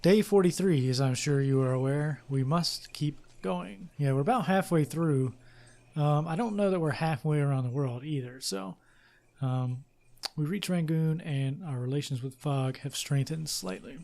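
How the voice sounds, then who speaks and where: A man's voice: on the high side, normal speed, vocal fry, darkish tone. A young man playing a game, chatting casually with fillers and reading its story text aloud. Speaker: let's play host.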